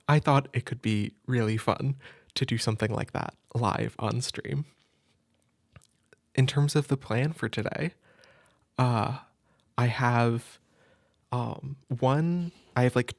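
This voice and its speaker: A man hosting a live stream, nervous and excited, chatting loosely with lots of fillers and restarts. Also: mid-range voice, dry recording, clean studio sound. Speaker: audio role-play creator hosting a live stream. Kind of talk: casual live-stream chat.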